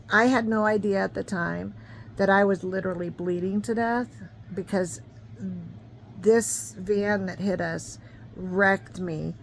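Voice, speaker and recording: A woman in her fifties recounts her past in a loose, conversational style, circling back and stumbling over words. Her voice sits at an ordinary middle pitch. A faint hum of background noise runs under the recording. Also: creaky, rough recording. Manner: rambling, conversational, many fillers. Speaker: vlogger. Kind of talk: personal storytelling.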